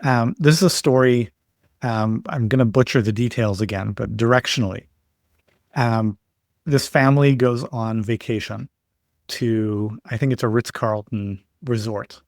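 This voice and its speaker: A man's voice: medium pitch, measured pace, no echo. Man explaining with stories, dry sound. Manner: explains points with stories and examples. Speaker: podcast guest. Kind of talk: explanatory interview talk.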